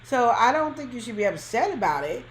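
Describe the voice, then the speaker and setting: A woman's voice: fairly high pitch, sing-song, a little fast, reverberant, slight background noise, rough recording. A woman co-hosting a podcast, giving emphatic, colloquial relationship advice in casual chat. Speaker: podcast co-host.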